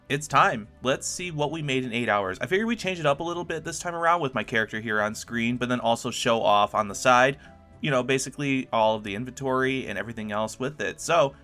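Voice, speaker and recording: Bright-voiced, upbeat gaming YouTuber man. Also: mid-range voice. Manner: upbeat, chatty, enthusiastic. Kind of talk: casual gameplay commentary.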